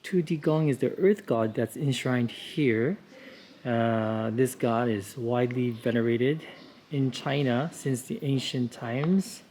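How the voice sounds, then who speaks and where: Male travel host, relaxed tour-guide delivery, outdoor street walk, faint background noise. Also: mid-range voice, slow pace. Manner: relaxed, informative, with frequent "uh" and "you know" fillers. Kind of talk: casual walking tour narration.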